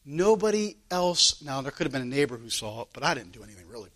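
A man's voice: mid-range voice, expressive, fast, few pauses, a bit bright. A male preacher delivering a sermon in an earnest manner, weaving in a personal story and asking his listeners rhetorical questions.

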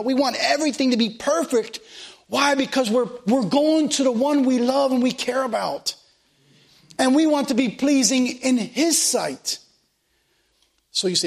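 A male preacher with a notably high voice delivers a sermon. He talks emphatically and repeats himself, piling up rhetorical questions for the congregation.

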